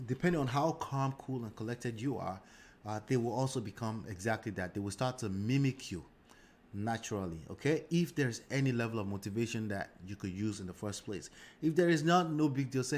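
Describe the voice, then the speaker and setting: A man coaches a live real estate session in a relaxed, unhurried way and acts out phone calls to sellers along the way. His voice sits in a middle range. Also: mid-range voice, a little hiss or hum. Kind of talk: teaching session.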